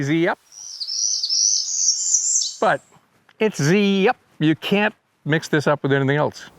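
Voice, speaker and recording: A man hosts a casual, educational birding video, narrating in a chatty, wry manner and imitating birdsong with his own voice. He has a fairly high, slightly bright voice, and there's no echo.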